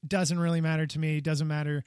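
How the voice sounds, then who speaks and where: High-voiced enthusiastic male podcast host. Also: little pitch movement, fairly quick, a little mellow, smooth, no echo, clean studio sound. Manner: enthusiastic, rambling, repeats himself. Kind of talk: casual toy review podcast. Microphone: podcast microphone.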